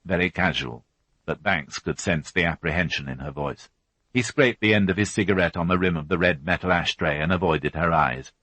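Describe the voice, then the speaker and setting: A man narrating a crime novel as an audiobook reader, unhurried and even. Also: deep voice, dry recording. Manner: even, unhurried reading with voiced characters. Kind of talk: scripted narration.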